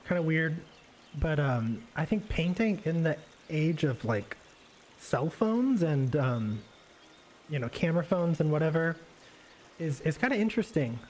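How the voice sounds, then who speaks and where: A man giving a relaxed, rambling live painting demonstration, thinking aloud with many fillers and restarts as he works. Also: fairly high pitch, slight background noise. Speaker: art instructor painting live. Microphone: desk microphone on a livestream.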